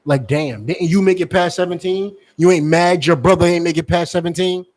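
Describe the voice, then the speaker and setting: A street preacher, talking in a forceful, scolding rhythm. His voice sits slightly high, and he keeps circling back to the same lines. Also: brisk.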